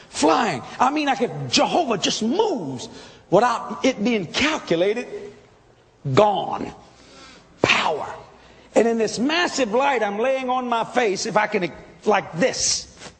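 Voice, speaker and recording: A man preaching a testimony sermon, telling his story with excitable emphasis and sudden shouts. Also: extremely high pitch, in a large hall.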